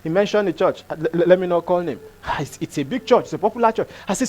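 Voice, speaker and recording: A man's voice: high-pitched, fast, hardly any pauses, darkish tone. A male pastor, preaching a sermon emphatically, repeating phrases and asking rhetorical questions.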